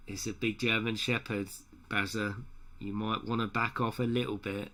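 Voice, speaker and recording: Here a man's lowish, bright voice comes across forcefully at a moderate pace through a headset. It's nighttime in a room at home, and he's painting a model on a live stream, bantering with viewers, joking and laughing often.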